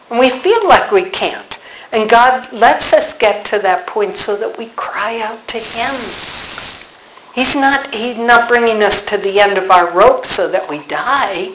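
An older woman, a religious sister, teaching on scripture in an earnest, unhurried way, reading verses slowly and dwelling on key words. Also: fairly high pitch, a bit bright, reverberant, a little hiss or hum, rough recording. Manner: reads scripture slowly, then speaks with earnest conviction.

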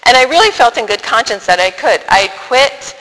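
A middle-aged woman telling a personal faith story in an animated way, acting out the dialogue and laughing often. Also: a little high, fairly quick. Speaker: speaker sharing a faith testimony. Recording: echoey hall with long reverb.

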